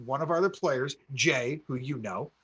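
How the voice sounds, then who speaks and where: A man casually telling a tabletop game story on a podcast, acting out quotes with growing excitement. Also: mid-range voice, moderate pace, husky, dull audio. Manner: animated storyteller, acts out quotes with rising excitement. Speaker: podcast co-host.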